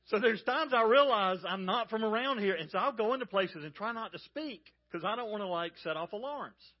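A pastor from the American South with a Southern accent, preaching a sermon in a folksy storytelling manner and speaking straight to the congregation. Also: male voice, sits high, expressive, fairly quick, dull audio. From Georgia, US South.

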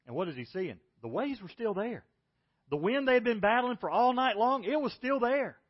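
Pastor preaching with loud and hushed swings. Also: male voice, extremely high pitch, sing-song, moderate pace, husky, lo-fi sound. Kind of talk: sermon.

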